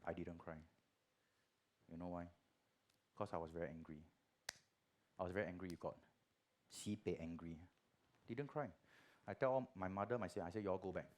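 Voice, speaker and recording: A middle-aged Singaporean man with a Singaporean accent, giving a church testimony in chatty Singlish that swings from hushed to loud. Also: deep voice, normal speed, pauses often, a little hiss or hum. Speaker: guest preacher.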